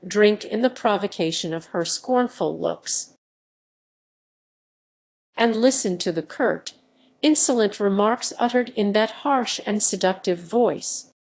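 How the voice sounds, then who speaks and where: Slow, measured woman narrator. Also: medium pitch, darkish tone. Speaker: audiobook narrator. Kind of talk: scripted narration.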